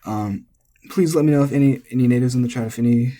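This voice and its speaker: A man who is not a native speaker, teaching pitch accent in an informal way, thinking aloud with asides and restarts. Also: fast, mellow. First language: English. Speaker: language teacher. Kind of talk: explaining Japanese pitch accent.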